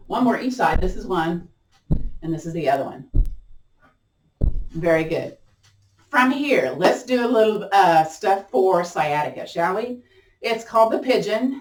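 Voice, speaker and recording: A woman instructor leading a gentle chair yoga class, chatty and playful, often laughing and encouraging. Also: medium pitch, far from the mic. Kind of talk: guided exercise class. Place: room at home. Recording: roomy sound from off-mic.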